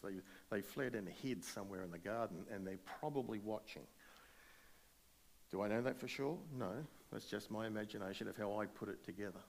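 Man preaching a lively sermon. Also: fairly low pitch. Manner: animated storytelling, speculative asides. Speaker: pastor.

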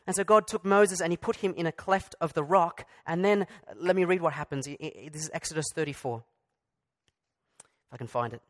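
A man preaching a sermon in a fairly high voice. He keeps it conversational, breaking off for asides and restarting sentences as he talks things through. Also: fairly quick. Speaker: pastor.

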